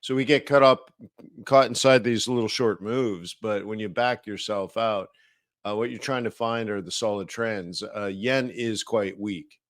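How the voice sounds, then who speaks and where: A man's voice: fairly low pitch, measured pace, no echo. Man, live-stream market host, casual, rambling, many fillers, dry close sound.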